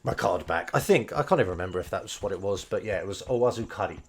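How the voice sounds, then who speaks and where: A man's voice: sits low, expressive, quick pace, breathy edge. A man, casually explaining Japanese words while streaming a game, rambling and restarting his sentences often. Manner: rambling, hesitant, many fillers and restarts.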